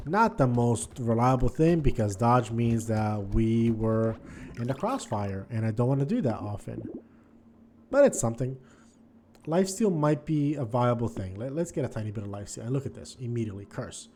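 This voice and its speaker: A man giving casual gameplay commentary, thinking aloud and swinging between quiet muttering and frustrated outbursts. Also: medium pitch, normal speed, a little hiss or hum. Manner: thinks aloud, repeats words and restarts. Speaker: gaming video host.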